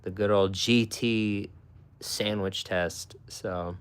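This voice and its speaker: A man's voice: fairly low pitch, fairly even intonation, slow pace, clear, resonant tone. A young man streaming live, chatting casually with his viewers and swearing a lot. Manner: profane, talks to chat.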